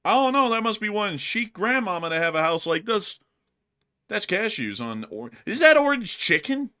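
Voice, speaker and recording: A man's voice: sits high, very animated, normal speed, sharp tone, clear, resonant tone. A male co-host chatting casually on a livestream, laughing often and thanking supporters.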